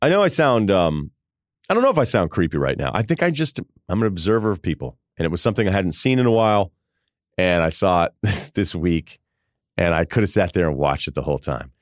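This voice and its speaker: A man's voice: low-pitched, big pitch swings, brisk, no room sound, studio quality. A male podcast host in his forties, telling a rambling, self-amused comic story in casual chat. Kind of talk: casual comedic monologue.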